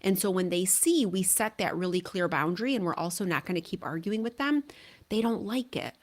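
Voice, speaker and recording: A woman's voice: fairly low pitch, a little fast. A middle-aged woman hosting a parenting podcast, giving earnest, conversational advice and often checking in with "right?". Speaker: parenting coach and podcast host. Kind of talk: solo podcast advice talk.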